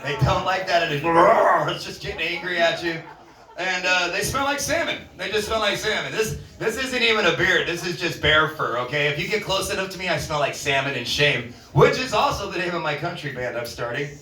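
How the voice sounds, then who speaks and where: A man from Alaska works through a stand-up set at a bar open mic, swearing freely and mocking himself as he jumps between jokes. His voice sits a bit high and has a bright edge. The room is echoey, and the sound comes from well back from the stage. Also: lively intonation, fairly quick, hardly any pauses. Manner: rambling, profane, self-mocking jokes. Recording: roomy bar sound from a distance.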